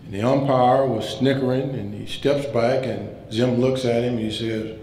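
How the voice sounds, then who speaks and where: A man's voice: mid-range voice, moderate pace. Man telling funny stories in a roomy hall. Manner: relaxed anecdotal telling, acts out quoted lines. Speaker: keynote speaker. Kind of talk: humorous after-dinner storytelling speech. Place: banquet hall. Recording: roomy hall sound, faint room noise.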